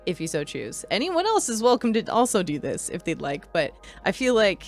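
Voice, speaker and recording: A woman as game master, giving a relaxed and rambling stream intro with chuckles. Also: mid-range voice, normal speed, soft background music.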